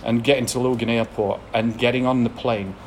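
Frank Englishman telling a rough story. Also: mid-range voice, fairly even intonation, fairly quick, slight background noise. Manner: frank, self-deprecating storytelling with frequent laughs. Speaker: speaker sharing a recovery story. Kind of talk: candid personal testimony to an audience.

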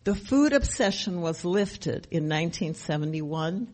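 A woman's voice: fairly low pitch, lively intonation, unhurried, a little mellow. An older woman sharing her recovery story at a meeting, emphatic and repetitive, often asking rhetorical questions. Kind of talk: personal testimony at a recovery meeting.

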